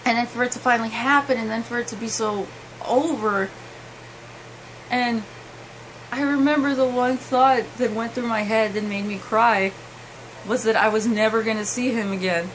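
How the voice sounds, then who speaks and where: A young woman telling a personal story to camera, halting and emotional, with many restarts. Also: a little high, fairly even intonation, slight background noise, poor audio. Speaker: vlogger.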